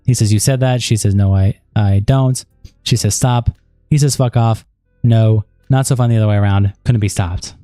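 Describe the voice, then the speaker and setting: A man streaming, reading chat logs aloud at a steady pace and breaking off into rambling casual asides full of fillers. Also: fairly low pitch, normal speed, dry recording, clean studio sound, soft background music.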